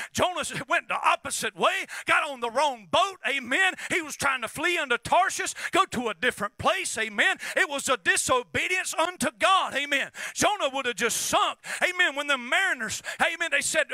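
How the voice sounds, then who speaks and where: A man delivers a fiery revival sermon in an unusually high, piercing voice. He peppers his lines with "amen" and climbs into shouted peaks. The sound is dry and close. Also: no echo. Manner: preaching with frequent amens and shouted peaks. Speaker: pastor.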